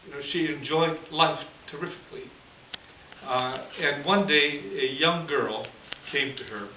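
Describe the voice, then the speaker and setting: Priest giving a chatty, chuckling homily story, heard from a distance on a dull, hissy recording. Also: male voice, a little high, a little slow. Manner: conversational, chuckles often. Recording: distant echoey lo-fi room recording with hiss.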